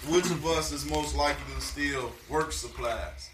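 Young guy telling loud stories, echoey far mic. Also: on the high side, moderate pace. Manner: boisterous anecdotes. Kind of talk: casual group banter. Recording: distant, roomy, noisy.

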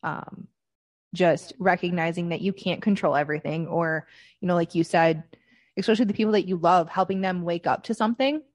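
A woman as a podcast guest, chatting casually and getting animated when she retells conversations. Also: lowish voice, a little fast, dry recording.

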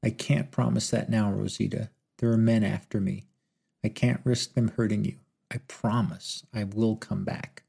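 A man's voice: fairly low pitch, fairly even intonation, normal speed, gravelly, dark tone, husky, full character voice. A man voicing a hapless man turned gunslinger, speaking in an earnest, pleading tone.

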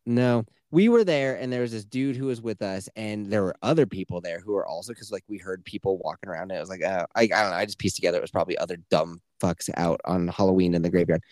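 A man's voice: low voice, fast talker, few pauses, dry recording, studio quality. A man co-hosting a podcast who tells stories casually, swearing freely and putting on the voices of the people in them. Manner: animated, profane, acts out voices in his stories. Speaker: podcast co-host. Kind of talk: casual storytelling chat.

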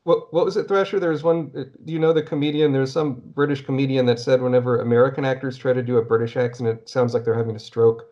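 A male podcast host chatting casually at a middle pitch. He rambles and breaks off sentences. The recording sounds dull and lo-fi. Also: level tone, fast talker, few pauses, a little mellow. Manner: rambling, self-interrupting, chatty. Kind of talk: casual chat.

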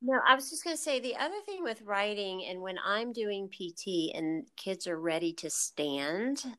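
A woman's voice: medium pitch, lively intonation, normal speed, fairly bright tone. A woman in casual conversation who thinks aloud, trailing off and restarting as she talks. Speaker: physical therapist.

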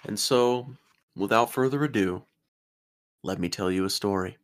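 A man co-hosting a podcast, giving a dramatic reading of a children's book and lifting his voice for each character. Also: normal speed. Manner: lively storybook reading, pitches up for character lines. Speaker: podcast co-host.

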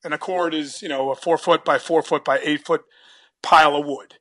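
Bright-voiced chatty man from New Jersey. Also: on the high side, fairly even intonation, normal speed. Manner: chatty, repeats words when starting sentences, laughs often. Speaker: guest telling a story. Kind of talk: casual storytelling.

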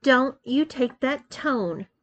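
A woman's voice: a little high, lively intonation, moderate pace, a bit bright, highs cut off. A woman reading aloud, voicing a decisive young woman who firmly insists on getting her way. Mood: sharp. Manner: firm, decisive. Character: strong-willed young woman, a decisive girlfriend.

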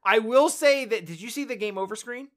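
A man's voice: very high voice, brisk. A man co-hosting a casual retro gaming podcast, making wry, dry remarks. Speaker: podcast co-host. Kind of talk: casual chat about retro games.

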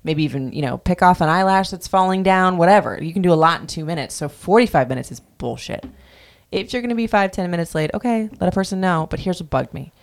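Low-voiced woman ranting on a podcast. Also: expressive, quick pace. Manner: blunt, ranting, swears freely. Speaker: podcast host. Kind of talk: casual podcast chat.

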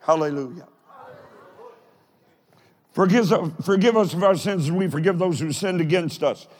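A pastor preaching a live sermon in a folksy, plain-spoken way, with emphatic bursts of shouting. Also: male voice, high voice, a little fast. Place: large church or college auditorium.

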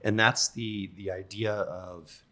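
A man co-hosting a podcast, talking in a relaxed, casual way. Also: lowish voice, takes it slowly. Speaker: podcast co-host. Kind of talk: casual conversation.

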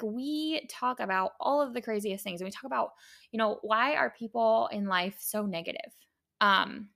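A woman's voice: on the high side, sharp tone. A young woman hosting her own podcast, talking casually and heartfelt, rambling with many fillers and restarts. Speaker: podcast host. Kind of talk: casual solo podcast talk.

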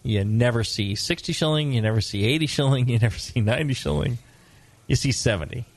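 A middle-aged American man co-hosting a casual brewing talk show, joking and lively, sometimes putting on gruff voices. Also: medium pitch, brisk. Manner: animated, joking, mock-gruff put-on voices. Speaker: podcast co-host, brewing expert. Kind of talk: casual chat.

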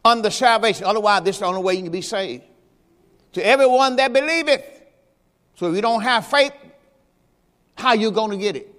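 High-voiced male pastor preaching in reverb. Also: a little fast, long pauses, fairly bright tone. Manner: folksy preaching with scripture quotes and rhetorical questions. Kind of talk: sermon. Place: church during Sunday service.

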